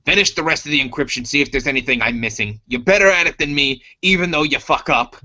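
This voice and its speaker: A man's voice: medium pitch, fast, pushed and bright. A man doing a blunt crime boss. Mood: scolding. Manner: blunt and scolding. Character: gruff male crime boss information broker. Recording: dull lo-fi recording.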